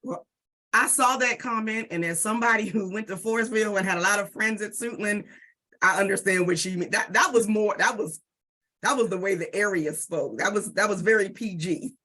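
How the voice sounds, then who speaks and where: A middle-aged woman from the DC area, speaking on a panel and telling lively stories that act out the exchanges she describes. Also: mid-range voice, brisk. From Southeast DC and Prince George's County, Maryland. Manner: animated storytelling, acts out quoted exchanges. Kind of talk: panel discussion.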